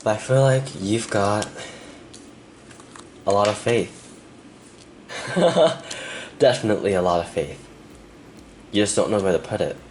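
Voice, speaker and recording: A young man with a deep, low voice gives a pick-a-card tarot reading, speaking softly and earnestly to the viewer. He leaves pauses between thoughts and turns emotional at times. A faint hum runs under the recording. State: emotional, close to tears. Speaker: tarot reader.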